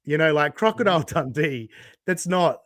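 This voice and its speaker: A man's voice: a little high, expressive, moderate pace, fairly bright tone, no echo, studio quality. A man from Australia hosting a casual chat, laughing often and swearing as he reacts. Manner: laughing, swearing, reads out viewer tips. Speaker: host. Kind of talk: casual chat over a watched stream.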